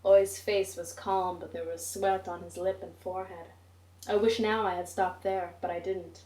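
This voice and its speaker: A woman reading a short story aloud in a measured, wry storytelling manner. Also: on the low side, flat delivery, darkish tone. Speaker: reader. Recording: roomy, distant mic.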